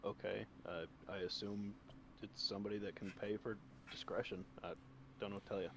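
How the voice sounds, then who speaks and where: A man's voice: on the low side, little pitch movement, a little fast, creaky, noisy background. A man playing in a tabletop game, chatting casually and asking questions. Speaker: player. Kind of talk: casual chat.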